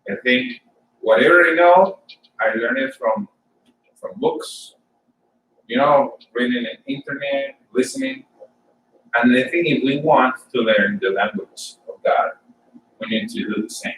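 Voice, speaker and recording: A man from Colombia, giving an informal sermon and personal testimony for a church service, halting and often repeating words as he tells his story. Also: medium pitch, sing-song, reverberant, distant mic, noisy background. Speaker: church speaker.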